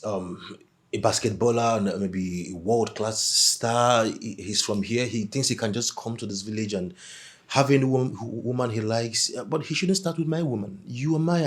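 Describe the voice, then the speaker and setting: A Nigerian actor as a stammering jealous boyfriend. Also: male voice, on the low side, natural voice. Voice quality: hesitant, stammering. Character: jealous insecure young boyfriend. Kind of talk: film drama acting.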